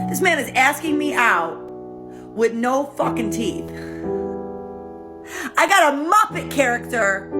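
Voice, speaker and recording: A woman who works as a bartender, telling a casual story to camera in a blunt, exasperated way and swearing freely. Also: medium pitch.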